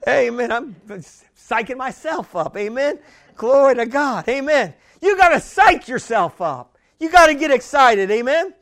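High-voiced preacher man. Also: animated, unhurried. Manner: emphatic, repeats phrases, builds to shouting. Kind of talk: sermon.

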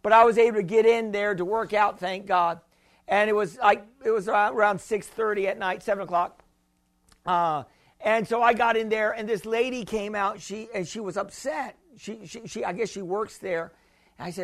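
A male pastor preaching with a strikingly high voice. He hammers points home with repetition and calls for an amen. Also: steady tone, moderate pace. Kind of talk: sermon.

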